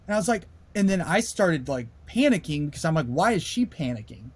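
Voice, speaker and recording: A man, a musician being interviewed, telling a story in a lively way and raising his voice sharply when he acts out what people said. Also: on the high side, quick pace, few pauses, dry recording. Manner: animated storyteller, voice rises sharply when acting out quoted lines. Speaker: musician guest.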